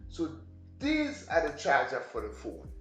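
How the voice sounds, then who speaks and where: A man's voice: a little high, wildly swooping pitch, measured pace. A man giving a rambling home tour as a vlogger, talking straight to his viewers. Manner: rambling, chatty, addresses viewers directly. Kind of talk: casual home tour vlog. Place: home room and kitchen. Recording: echoey room, faint music behind.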